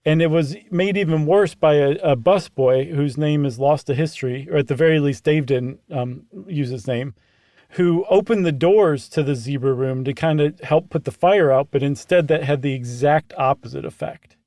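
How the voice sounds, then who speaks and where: A man co-hosting a podcast, telling a story in a casual, animated way with frequent fillers and restarts. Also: on the high side, normal speed, no room sound. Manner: animated, hesitant with fillers, retells events from notes. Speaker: podcast co-host.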